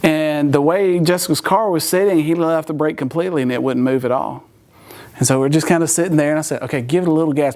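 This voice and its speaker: A man's voice: on the high side, quick pace, darkish tone, some chatter behind. A man giving a sermon-style talk as a church speaker, acting out the people in his story and laughing often as he tells it.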